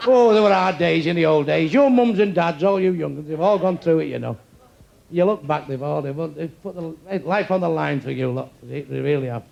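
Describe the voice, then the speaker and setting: A man's voice: a little high, brisk, vocal fry, darkish tone, dull audio. An older man doing crude stand-up, teasing audience members with insults and one-liners. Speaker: stand-up comedian. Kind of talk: stand-up crowd work. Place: comedy club stage. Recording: noisy live club recording. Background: audience laughter.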